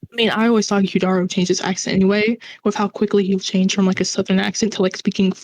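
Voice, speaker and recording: A woman's voice: mid-range voice, flat delivery, quick pace, a little mellow. A woman cohosting a gaming podcast, chatting casually and telling anecdotes. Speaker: let's-play podcast cohost. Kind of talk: casual chat.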